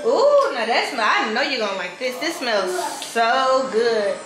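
A young woman, feeding her baby at home and cooing at her in slow, soothing baby talk. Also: fairly high pitch, very animated, roomy sound, over music, low-quality recording. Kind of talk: home vlog, talking to a baby. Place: home kitchen with a TV on.

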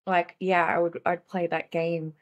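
A young adult woman, a guest in a casual conversation, speaking softly and haltingly with many fillers. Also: on the low side, flat delivery, lo-fi sound.

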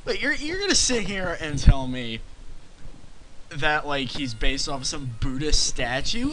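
A man's voice: fairly high pitch, big pitch swings, measured pace, heavy background noise. A man doing a sarcastic parody game review, ranting in an exasperated voice as an angry fanboy who keeps repeating himself. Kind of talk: satirical rant as an angry fanboy.

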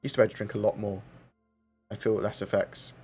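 A man's voice: fairly low pitch, level tone, fast talker, a little mellow, slightly rough, faint music behind. A man hosting a casual livestream, reading out viewer questions and answering in a rambling, chatty way with plenty of fillers. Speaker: livestream host.

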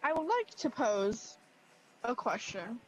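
A woman's voice: fairly high pitch, big pitch swings, takes it slowly, dull audio, a little hiss or hum. A woman co-hosting a let's play, chatting in a rambling way full of "like". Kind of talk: casual gaming banter.

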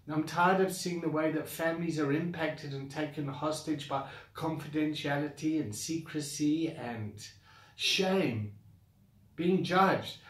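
A man with a slightly high voice and a South African accent, the founder of a coaching academy, rants directly to the camera. He sighs, repeats his complaints, and bluntly vents his frustration, sounding roomy and recorded from a distance.

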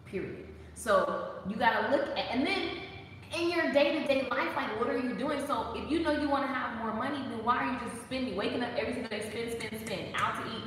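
A woman giving a casual, animated devotional talk, playful and preachy and full of laughs. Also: on the high side, a little fast, heavy reverb, long reverb tail, far from the mic, slight background noise, poor audio. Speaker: faith talk host.

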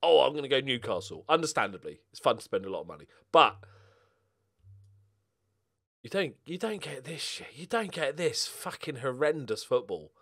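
A man giving casual commentary over a football management game, muttering and then bursting out in loud swearing. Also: medium pitch, big pitch swings, normal speed, long pauses. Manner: swears a lot, swings from mutters to angry outbursts. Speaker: gaming YouTuber.

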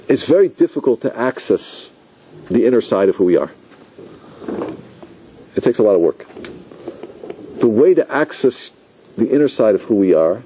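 A man's voice: lowish voice, a little hiss or hum. A man teaching as a rabbi, giving a Torah lecture and acting out the voices and thoughts of the people in his examples. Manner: animated, acts out inner voices and quotes.

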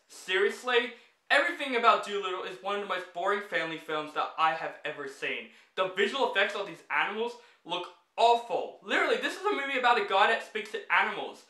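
Casting note: a male movie reviewer with a high, bright voice, fed-up ranting delivery, echoey room. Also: lively intonation, brisk. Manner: exasperated, blunt, swears freely.

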